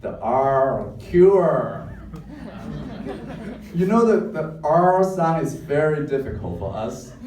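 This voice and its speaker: A man's voice: fairly high pitch, sing-song, a little slow, few pauses, a crowd in the background. A man from Hong Kong, Cantonese his first language, with a Hong Kong accent, telling a wry, self-mocking story live on stage. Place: club stage before an audience. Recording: echoey stage sound from a distance.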